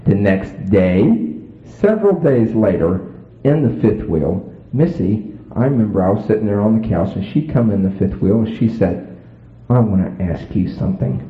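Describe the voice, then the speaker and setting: A man telling a story to an audience in a folksy, animated way, acting out voices. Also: on the low side, normal speed. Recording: echoey tinny phone-like sound.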